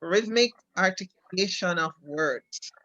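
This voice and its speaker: A woman's voice: lowish voice, measured pace, bright, forceful tone, no room sound, muffled recording. A Jamaican woman co-hosting a casual chat, explaining things patiently with examples and often repeating her words. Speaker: co-host.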